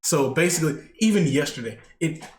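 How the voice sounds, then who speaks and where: This man's fairly high voice comes out animated and a little fast as he co-hosts a wrestling podcast. His chat is loose and rambling, with plenty of fillers and false starts, recorded in an echoey space with some faint noise behind him.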